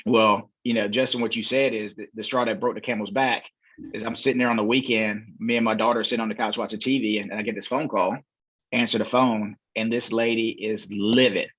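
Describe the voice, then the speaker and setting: A man's voice: on the low side, brisk, breathy edge, dry recording. Man telling a story on a dull, dry line. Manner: relaxed storyteller, many fillers, acts out quoted voices. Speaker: podcast guest, real estate investor. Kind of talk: storytelling in a casual interview.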